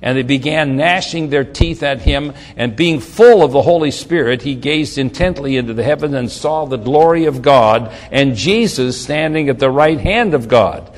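A man's voice: medium pitch, normal speed, hardly any pauses. Preacher man in a reverberant hall. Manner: reads scripture aloud with rising emphasis, casual asides. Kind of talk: sermon, Bible exposition.

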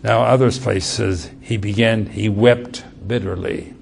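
A male preacher reading scripture aloud and commenting on it, swinging from loud, urgent passages to hushed ones. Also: fairly low pitch, fairly even intonation, slow pace, vocal fry, slight background noise. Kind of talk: sermon.

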